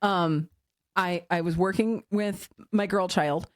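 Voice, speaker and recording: Co-host, a mother with a frank, wry and animated delivery, recorded dry and close. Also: on the low side, takes it slowly, no echo. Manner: frank, wry and animated, plays mock-stern voices. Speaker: podcast co-host. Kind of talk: casual chat.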